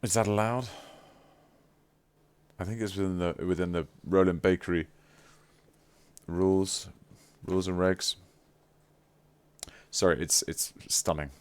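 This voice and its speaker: A man's voice: deep voice, fairly even intonation, unhurried, long pauses, smooth. A man chatting casually on a live stream, effusive and playfully teasing. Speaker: livestreamer.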